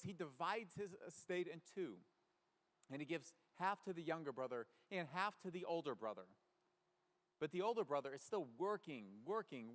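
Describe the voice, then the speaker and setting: A man's voice: on the high side, a bit bright. A man preaching a sermon in a church, earnest and thinking aloud with frequent fillers. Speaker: pastor. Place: church sanctuary. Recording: reverberant church hall.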